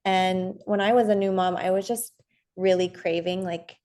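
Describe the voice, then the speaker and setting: Brief: woman therapist, podcast guest, calm and measured, gentle delivery. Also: on the low side. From United States. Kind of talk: casual interview chat.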